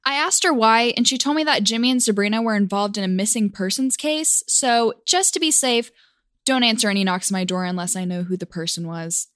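A woman casually telling a personal story, with wry, deadpan asides. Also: medium pitch, brisk, clear, resonant tone, no echo, studio quality.

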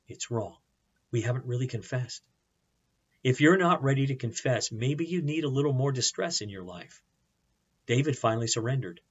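A male pastor preaching earnestly at a middle pitch, his voice slightly husky. He poses pointed questions to the congregation, and the recording sounds dull and lo-fi. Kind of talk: sermon.

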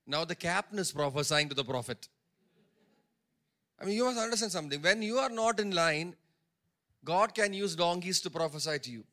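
A man's voice: sits high, lively intonation, moderate pace, bright, forceful tone. A male pastor preaching a sermon, stressing points by repeating phrases and acting out the characters' words in his own voice. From India.

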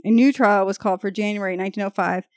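A woman's voice: medium pitch, steady tone, quick pace, a little mellow, no echo, studio quality. A woman hosting a podcast, reading out an old murder case and breaking off now and then to joke with her co-hosts. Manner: reads case details, breaks off to joke and laugh. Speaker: podcast host telling a true crime story. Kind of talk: casual true crime storytelling with banter.

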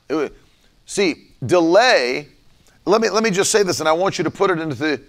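A man's voice: on the high side, a bit bright. A man preaching a livestreamed sermon, fervently repeating lines with rising emphasis.

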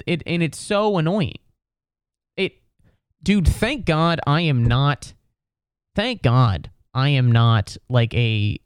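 A man's voice: mid-range voice, darkish tone, clean tone, no echo, studio quality. A young man hosting a casual comedy podcast alone, rambling and swearing, full of "like" and "dude". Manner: rambling, profane, lots of likes and dudes. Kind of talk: casual solo podcast rant.

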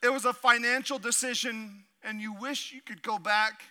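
A man with a notably high, bright, forceful voice, preaching a sermon. He reads scripture aloud and then drops into animated, humorous asides. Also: moderate pace. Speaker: pastor.

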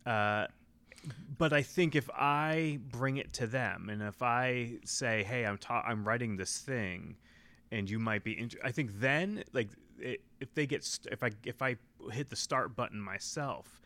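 A man hosting a podcast interview who talks in a thoughtful, measured way and sometimes searches for his words. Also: medium pitch, pushed and bright. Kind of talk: casual conversational interview.

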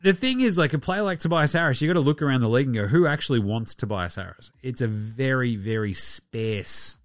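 A man's voice: medium pitch, brisk, no room sound, clean studio sound, faint music behind. An Australian man hosting a basketball podcast, rambling through casual, slangy, profane banter. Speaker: podcast host.

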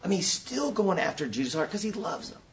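A man giving a preaching-style conference talk, an animated storyteller who acts out scenes and asks the audience rhetorical questions. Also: high voice, quick pace, far from the mic, a little hiss or hum. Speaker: workshop speaker at a conference.

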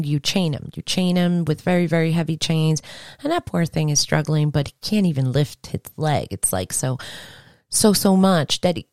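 A woman's voice: low-pitched, darkish tone, no room sound, studio quality. A woman hosting a podcast, talking earnestly in a rambling, conversational way with frequent restarts. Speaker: podcast host. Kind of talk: casual podcast monologue.

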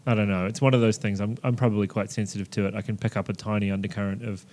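A man's voice: on the low side, level tone, very fast, darkish tone. A man with a New Zealand accent, a bartender chatting casually on a podcast and sharing opinions with frequent fillers. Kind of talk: casual chat.

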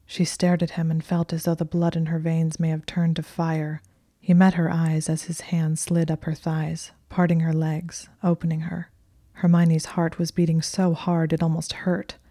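Low flat whispering female narrator. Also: no room sound, clean studio sound. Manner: slow, hushed and even.

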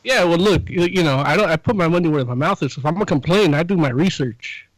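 Wry higher-voiced man, dry sound. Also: fast talker, no room sound, rough recording. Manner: wry, provocative, swears. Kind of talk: casual chat.

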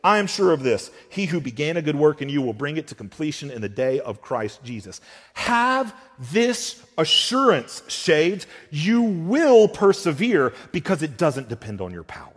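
A pastor preaching a sermon, swinging between loud emphatic lines and hushed ones. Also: male voice, fairly high pitch, sing-song, moderate pace, husky, long reverb tail.

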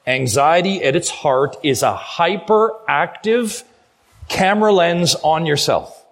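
Guy preaching, middle-aged, kinda high voice, earnest, stretches out the big lines. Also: animated, fairly bright tone. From Canada. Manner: earnest and urging, slows down hard on key phrases. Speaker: guest pastor. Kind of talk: sermon.

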